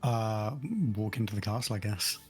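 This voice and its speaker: A man playing in a tabletop game on a livestream, hesitant and halting with many ums. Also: on the low side, level tone, soft background music. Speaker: player.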